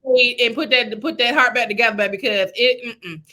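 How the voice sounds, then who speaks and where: Woman, podcast host; bright, high voice; teasing casual chat. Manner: teasing, quick reactions, calls people baby.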